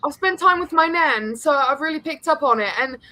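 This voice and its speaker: A woman's voice: high-pitched, lively intonation, fairly quick, bright, forceful tone. A woman co-hosting a live podcast who chats in a playful, jokey way. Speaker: podcast co-host. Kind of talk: casual live-stream chat.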